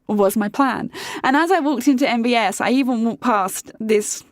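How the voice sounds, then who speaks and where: A woman's voice: a little high, moderate pace, dry recording, studio quality. A young woman vlogger telling a candid, chatty story about her relationship, full of fillers and swearing. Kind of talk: casual storytelling to camera.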